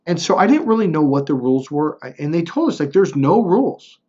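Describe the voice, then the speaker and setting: A motivational speaker with a high-sitting, dark-toned voice and big pitch swings talks briskly on a muffled recording. He tells a personal story in a casual, rambling way, swearing freely, restarting, and checking in often with "right?"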